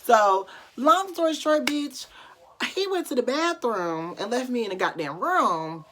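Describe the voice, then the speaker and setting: A young woman vlogger telling a casual, profane storytime with animated, dramatic voice swings. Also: on the high side, measured pace.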